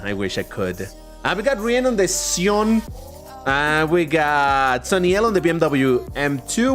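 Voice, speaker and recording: A man with a light Mexican accent chats through a racing-game livestream in a fairly high, bouncy voice that swoops up and down. He is excitable and talkative and laughs easily. Faint music plays underneath. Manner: chatty, excitable, quick to laugh. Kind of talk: casual live commentary while gaming.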